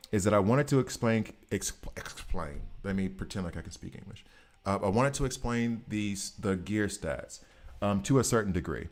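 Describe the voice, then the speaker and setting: A man streaming a game, chatting casually and rambling to his viewers, often correcting himself mid-sentence. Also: on the low side. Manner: rambling, self-correcting, chats directly with viewers. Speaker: gaming streamer. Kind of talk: casual live-stream chat.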